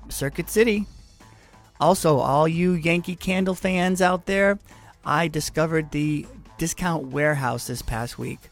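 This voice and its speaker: An upbeat man hosts a homemade podcast, talking in a chatty, casual way. He drops playful asides as he goes. Faint music plays quietly behind him. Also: high voice. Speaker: podcast host. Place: home room with cats.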